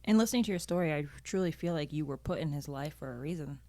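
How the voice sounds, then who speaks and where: A woman's voice: low-pitched, quick pace, warm tone, no room sound. A woman co-hosting a podcast, chatting casually with lots of hedging and fillers.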